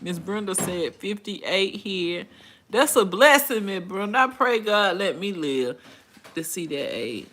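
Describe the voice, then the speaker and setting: Woman in her 40s, live chat with viewers, bright lively voice, laughs a lot. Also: mid-range voice, measured pace, a little hiss or hum. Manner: chatty, laughs often, folksy phrasing. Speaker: livestream host. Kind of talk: casual live chat reading viewer comments.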